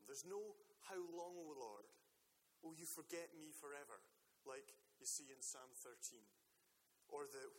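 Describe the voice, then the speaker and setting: A man's voice: medium pitch, fairly bright tone, a little hiss or hum. A man preaching a sermon in a conversational way, with hesitant fillers, in a church hall on a handheld microphone. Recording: reverberant hall, faint ambience.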